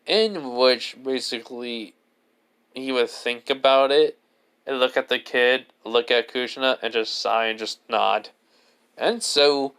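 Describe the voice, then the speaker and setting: A man narrates an improvised fan-fiction tale in a smooth, clear voice of average pitch. He rambles, constantly restarting and padding his lines with filler words. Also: a bit bright. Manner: rambling, leans heavily on "basically" and restarts. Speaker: storyteller.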